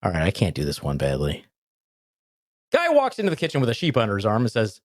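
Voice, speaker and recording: A male podcast host who jokes and swears in a lively, bouncy voice. He teases his co-host with mock fury and reads crude jokes aloud. The sound is close and dry. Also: fairly low pitch, fast talker, no echo. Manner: profane, teasing, mock-angry. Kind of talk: casual comedy podcast chat.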